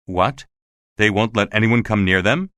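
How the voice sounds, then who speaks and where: A man's voice: fairly low pitch, big pitch swings, normal speed, pushed and bright, dry recording, studio quality. A man voicing a nervous, evasive male theater official who dodges questions, in a storybook reading. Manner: sly, evasive.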